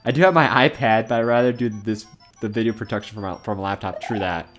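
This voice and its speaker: A man's voice: lowish voice, fast talker, faint music behind. A young man streaming a game from home, chatting casually, rambling and laughing as he reads chat comments aloud.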